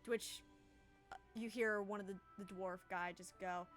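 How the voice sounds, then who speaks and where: A woman narrating a tabletop game as game master, casual and quick to laugh at herself. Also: mid-range voice, fairly even intonation, a bit bright, faint music behind. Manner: laughing, self-deprecating, casual.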